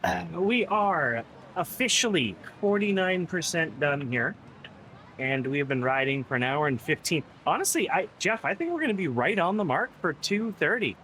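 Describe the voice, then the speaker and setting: A man's voice: on the high side, expressive, moderate pace, pushed and bright, slight background noise. A man live-streaming an indoor cycling ride, chatting casually with his viewers and riding partner and laughing often.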